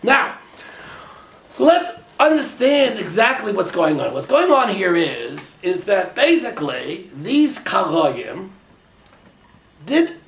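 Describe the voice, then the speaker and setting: A man gives a Talmudic lecture in Yeshivish English, dropping Hebrew and Aramaic terms as he thinks aloud. His voice sits high and swings widely when he gets excited, with a gravelly rasp. The room around him sounds echoey. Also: slow. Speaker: Torah teacher. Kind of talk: Talmudic lecture to a small class.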